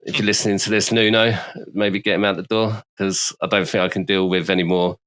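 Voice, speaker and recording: A man's voice: lowish voice, flat delivery, a little fast, fairly bright tone. A man, co-hosting a casual football podcast, hesitant with lots of ums and restarts and casual swearing. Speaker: podcast co-host, West Ham fan.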